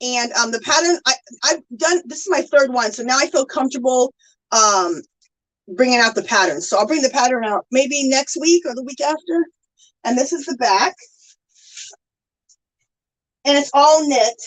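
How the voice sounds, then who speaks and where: A woman's voice: high voice, normal speed, poor audio. A woman hosting a casual craft livestream, chatting with viewers and gushing with thanks. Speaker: livestream host.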